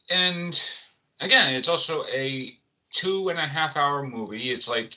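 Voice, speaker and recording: A man co-hosts a casual entertainment chat show. His voice is very bright and edgy, and he rambles through restarts and fillers as he talks. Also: fairly high pitch, slow pace, rough recording. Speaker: co-host.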